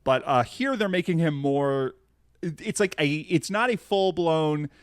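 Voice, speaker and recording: A man co-hosts a casual podcast, recapping a cartoon episode in a loose, rambling way, full of fillers and restarts. His voice sits a little high for a man. The sound is dry and close, with no room in it. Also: expressive, measured pace, smooth, no room sound. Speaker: podcast co-host.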